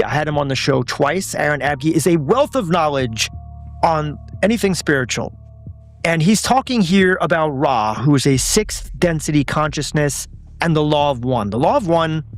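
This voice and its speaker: A man hosting an online show, talking earnestly and sharing opinions. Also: a little high. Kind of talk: talking to camera.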